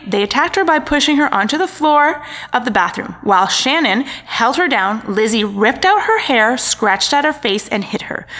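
Bright-voiced woman telling a crime story. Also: a little high. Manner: chatty, wry asides, stumbles over names. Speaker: podcast co-host. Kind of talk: casual true-crime storytelling.

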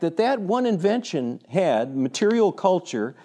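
A man in his sixties speaking to a younger audience in an animated, rambling storytelling way, full of fillers and restarts. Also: mid-range voice, moderate pace. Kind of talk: informal talk with anecdotes.

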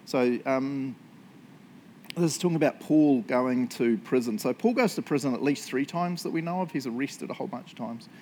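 A man's voice: medium pitch, moderate pace, warm tone, a little hiss or hum. A man preaching a casual sermon, joking often and asking "right?" after points. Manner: chatty, joking, tag questions. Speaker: pastor.

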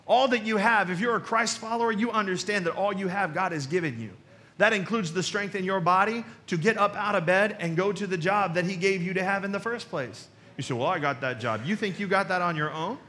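Male pastor, high-pitched and sharp-toned, preaching conversationally with jokey asides and repeated punchlines. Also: a little fast. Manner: conversational, with joking asides and rhetorical questions; emphatic, repeats key phrases. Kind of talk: sermon.

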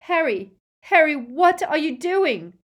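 A woman reading aloud voices a frantic teenage girl witch who shouts in a shrill, urgent way. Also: very animated, slow, full character voice. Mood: alarmed.

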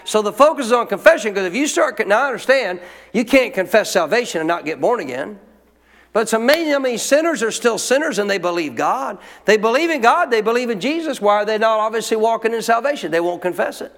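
Sitting high and sing-song, the pastor's slightly bright voice rushes along as he forcefully delivers a sermon built on rhetorical questions. A long hall reverb surrounds him.

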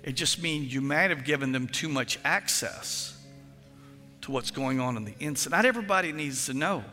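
A male pastor preaching a sermon in an animated storytelling manner, acting out phone calls with friends. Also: a little high, normal speed, big-room sound, faint music behind.

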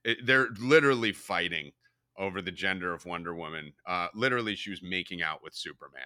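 A man hosting a casual podcast, talking in a profane, sarcastic, animated way. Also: deep voice, brisk, smooth, dry recording, studio quality. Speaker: podcast host.

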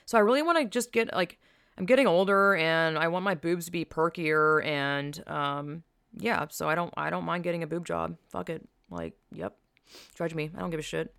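A woman's voice: sits low, normal speed, creaky, a bit bright, clear, resonant tone, no room sound, clean studio sound. A young woman hosting a podcast and chatting casually on a headset mic, candid and profane, drifting from one tangent to the next. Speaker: podcast host. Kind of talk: casual rambling chat.

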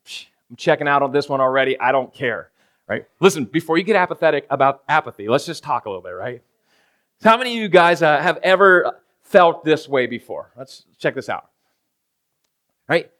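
Casual pastor preaching, slightly high voice. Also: male voice, fairly bright tone. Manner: casual, keeps asking "right?" of the congregation; acts out everyday scenes in quoted voices. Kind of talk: conversational sermon.

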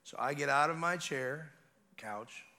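A young man preaching at a revival, his voice bright and forceful. He tells a family story in a conversational way, drops to quiet murmurs, then climbs to loud, fervent declarations. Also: a little high, a little slow, gravelly. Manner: animated, building from hushed to shouting. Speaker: guest preacher.

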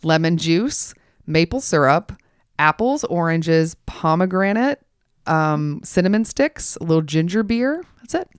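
A woman's voice: lowish voice, lively intonation, unhurried, clear, resonant tone, no echo, studio quality. A woman co-hosting a podcast, chatting casually with a friend, rambling into asides and laughing often. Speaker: podcast co-host. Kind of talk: casual chat.

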